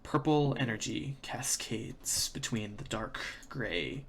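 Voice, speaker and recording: A man running a tabletop game as game master, narrating in slow, drawn-out descriptions. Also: medium pitch, animated, fairly bright tone, a little hiss or hum. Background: faint music.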